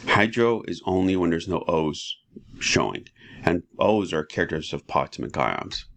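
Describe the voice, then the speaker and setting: A man teaching chemistry in a relaxed, casual lecture, walking students through each step and often asking "right?". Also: normal speed. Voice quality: very deep and gravelly. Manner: relaxed, talks students through steps with frequent rhetorical "right?".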